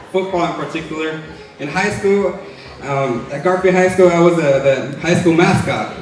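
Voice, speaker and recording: Young man, twenties, wedding toast, jokey and chatty, fairly high voice, very echoey banquet hall. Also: far from the mic. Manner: jokey, chatty, laughs between lines. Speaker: groom's twin brother giving a wedding toast. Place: large hotel banquet hall.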